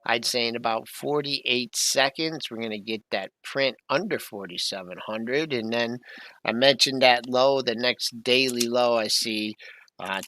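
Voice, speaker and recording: Bright-voiced man doing loose market talk. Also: medium pitch, a little hiss or hum. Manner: rambling, loose, full of price levels and asides. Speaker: co-host of a market talk show. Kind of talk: casual market commentary.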